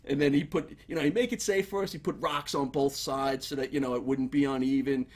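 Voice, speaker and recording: Husky male guest, animated casual storyteller. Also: mid-range voice, a little fast. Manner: animated, laughing while telling stories.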